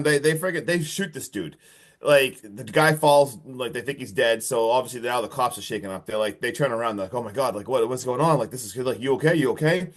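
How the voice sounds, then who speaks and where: A young man co-hosting a podcast, casually recapping a horror film in a rambling, animated way with lots of filler words and mild swearing. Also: on the high side. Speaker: podcast co-host reviewing a film.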